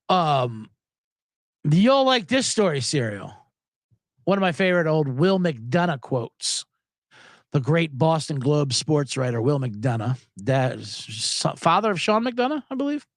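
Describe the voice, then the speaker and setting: Animated, high-voiced male sports host. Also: measured pace, long pauses, dry recording, clean studio sound. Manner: animated, jokey, rambling. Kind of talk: casual sports talk.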